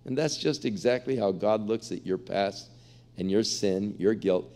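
A pastor preaching a sermon in a large church, earnest, acting out the voices in a parable. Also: male voice, medium pitch, animated, normal speed, a little mellow.

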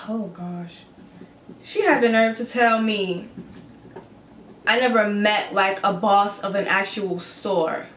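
A young adult woman vlogger recounting a story in a casual, animated, swearing, incredulous way. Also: mid-range voice, slow pace, long pauses, slight background noise. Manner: animated, profane, incredulous retelling. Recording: roomy echo with faint ambience.

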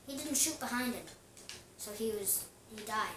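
A woman's voice: fairly high pitch, moderate pace. A woman casually commenting on her own gameplay, chatty and giggly, talking to herself as she plays. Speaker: gaming vlogger. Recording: echoey room, distant mic, noisy.

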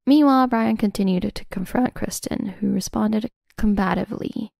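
A woman in scripted first-person narration of a revenge story, smug and measured. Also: medium pitch, creaky, a little mellow, no room sound, clean studio sound.

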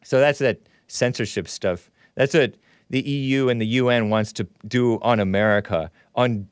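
A man hosting a loose, rambling livestream show, chuckling often as he reads chat and talks to callers. His voice sits at an ordinary middle pitch. It is recorded close and dry, with no room sound. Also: moderate pace, clean tone, dry recording. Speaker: host. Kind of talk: casual livestream commentary.

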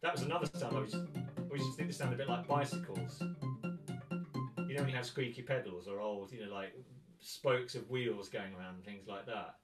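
A man from England teaching a guitar workshop, thinking aloud in a relaxed way and singing rhythms to count them out. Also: medium pitch, fast talker. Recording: roomy, distant mic with loud guitar.

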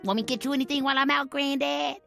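A mouthy, sarcastic young cartoon boy. His voice is high and cocky, and music plays clearly behind him. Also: steady tone, rapid-fire, pushed and bright, exaggerated voice.

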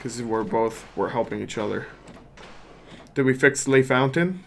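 A man's voice: mid-range voice, normal speed, slight background noise. A man casually thinking aloud and joking while playing a video game. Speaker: let's play host. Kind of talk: casual gameplay commentary.

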